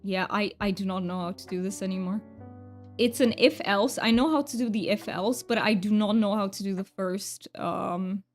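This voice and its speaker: A woman's voice: medium pitch, moderate pace, faint music behind. A woman game streamer chatting casually with her viewers, self-deprecating and thanking chat.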